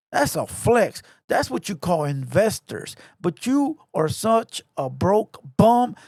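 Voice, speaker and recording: A man's voice: high-pitched, a little mellow, no echo, studio quality. A man ranting to camera, taunting and repeating himself in a confrontational way. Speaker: online commentator. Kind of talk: heated rant to camera. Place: home garage.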